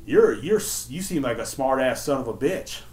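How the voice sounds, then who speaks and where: A man's voice: medium pitch, animated, moderate pace, lightly acted. A man voicing a rude, demanding woman customer in a shop. He makes her brash and bossy. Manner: brash, bossy and sharp-tongued.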